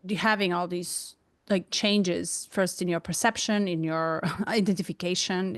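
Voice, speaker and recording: A woman's voice: lowish voice, fairly even intonation, a little slow, no echo. Affirming woman podcast host, dry close sound. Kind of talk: spiritual podcast interview.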